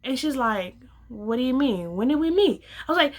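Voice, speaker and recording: A young adult woman casually telling a personal story, acting out the dialogue with lively slang. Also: high voice, moderate pace. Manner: animated, acts out quoted dialogue, casual slang.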